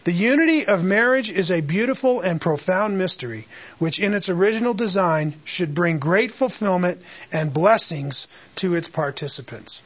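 A man leads a church Bible lesson, preaching and putting questions to the room. His voice sits high and comes across bright. The recording is a bit dull and lo-fi. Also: lively intonation, normal speed. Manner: preacherly, asks the group questions. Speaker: Bible teacher. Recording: dull lo-fi sound.

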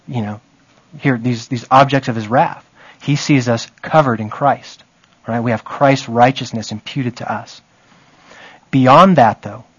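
A man's voice: mid-range voice, no echo, highs cut off. A man teaching a Bible study in a conversational way, often checking in with his listeners.

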